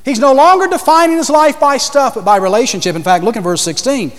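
A man's voice: very high-pitched, fast talker, fairly bright tone, long reverb tail. A man preaching a sermon to a congregation, emphatic, asking questions and repeating his key points.

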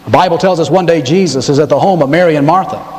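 A male pastor delivers a sermon, stressing points by repeating words and pressing hard on them. His voice sits high for a man. It rings through a sanctuary with a long, trailing reverb. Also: quick pace, darkish tone.

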